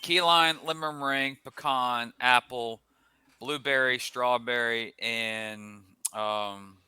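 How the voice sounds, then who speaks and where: A man's voice: mid-range voice, fairly even intonation, slow pace, sharp tone, clean tone, no room sound. A man co-hosting a podcast in casual chat, telling a story in a rambling way with frequent restarts. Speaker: podcast co-host.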